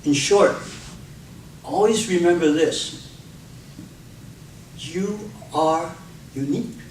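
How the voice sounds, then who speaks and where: A man gives a speech on public speaking, telling stories expressively and acting out the cries, quotes and voices in them. His voice is fairly high and he takes it slowly. The recording comes from a distant mic in an echoey room, with slight background noise and faint ambience.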